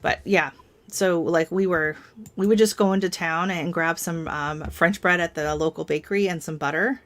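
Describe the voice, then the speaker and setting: Chatty, rambling woman with a lower voice. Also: fairly even intonation, moderate pace. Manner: rambling, chatty storyteller with frequent laughs. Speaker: live stream host. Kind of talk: casual live-stream chat.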